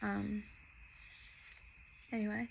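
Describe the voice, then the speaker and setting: A woman's voice: medium pitch, level tone, extremely slow, creaky, slight background noise, poor audio. A young woman from Nashville, talking in a rambling, chatty podcast monologue that often breaks off and restarts mid-sentence. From Nashville, Tennessee. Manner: chatty, meandering, self-interrupting. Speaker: podcast host.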